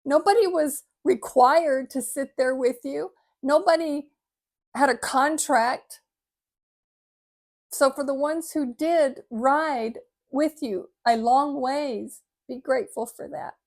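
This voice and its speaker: An older retired woman, gently reflecting to her viewers in a heartfelt video talk. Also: sits high, slow pace. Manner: gentle, heartfelt, sometimes choked up. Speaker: vlogger. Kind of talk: reflective talk reading an inspirational piece.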